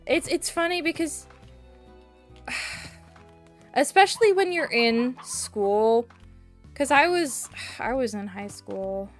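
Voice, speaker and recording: A woman's voice: high voice, expressive, takes it slowly, long pauses, soft background music. A young woman streaming a video game, chatting casually and rambling, with sudden squeals at the game. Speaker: VTuber streamer. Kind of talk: casual gameplay chat.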